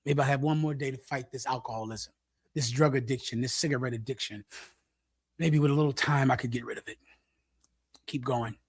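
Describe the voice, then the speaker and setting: Forceful preacher man, dry close sound. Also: medium pitch, fairly even intonation, a little fast, long pauses, slightly rough, dry recording. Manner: forceful, repetitive, acts out an addict's pleading. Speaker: teacher leading a scripture breakdown. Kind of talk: preaching commentary on scripture.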